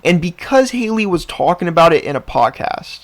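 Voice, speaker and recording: A man hosting a commentary vlog, talking to his viewers in an animated, exasperated rant. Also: high-pitched, moderate pace, hardly any pauses. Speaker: commentary channel host.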